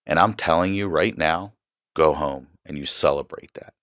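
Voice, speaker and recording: Very deep-voiced man telling a story. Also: moderate pace, fairly bright tone, no echo, studio quality. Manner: candid, profane, emphatic retelling. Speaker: podcast guest. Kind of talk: casual storytelling.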